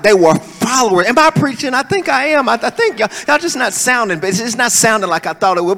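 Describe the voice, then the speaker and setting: High, lively preacher in echoing hall. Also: male voice, brisk, hardly any pauses. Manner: swings between soaring shouts and low asides. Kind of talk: sermon. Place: church hall. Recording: long hall reverb.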